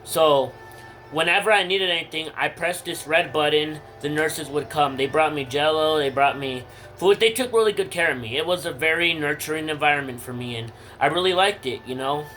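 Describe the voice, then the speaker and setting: A man's voice: fairly high pitch, moderate pace, bright, forceful tone, faint music behind, rough recording. A teenage boy casually telling a personal story to his viewers, slangy, candid and emotional. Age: teens. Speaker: vlogger.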